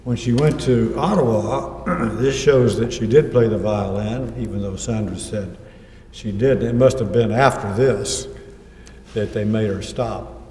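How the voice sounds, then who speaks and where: A man's voice: on the low side, unhurried, a little mellow, slight background noise. A man giving an author talk, telling anecdotes and quoting people in his own voice. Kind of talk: lecture with slides. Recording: echoey hall, mic far off.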